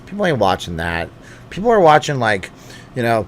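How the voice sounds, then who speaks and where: A man's voice: mid-range voice, wildly swooping pitch, normal speed. Chatty man hosting a live stream. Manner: chatty, jokey, reads comments aloud. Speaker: livestream host. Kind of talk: casual live chat. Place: home studio with hot lights. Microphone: studio microphone.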